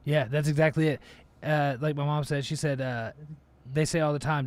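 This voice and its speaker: A man's voice: on the high side, little pitch movement, fairly quick. A man hosting a casual podcast chat, laid-back, with lots of fillers and swearing. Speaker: podcast host.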